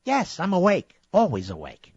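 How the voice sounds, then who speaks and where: A man's voice: sits high, huge pitch swings, normal speed, a little mellow, breathy edge, dry recording. A middle-aged man hosting a political talk radio show, combative and often rising into indignant tirades. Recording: dry, slightly dull radio broadcast audio.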